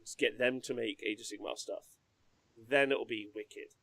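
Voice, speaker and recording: A man's voice: mid-range voice, normal speed, no echo. A man co-hosting a casual hobby podcast, joking around and laughing a lot. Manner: laughs a lot, animated, jokey. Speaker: podcast co-host. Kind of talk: casual chat.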